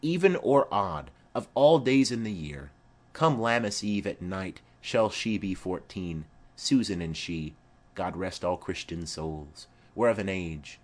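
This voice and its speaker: A man's voice: deep voice, animated, measured pace. A man doing a rambling old nurse woman. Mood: rambling fondly. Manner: rambling, garrulous storytelling. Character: chattering old female nurse, rambling and fond. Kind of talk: audiobook play reading.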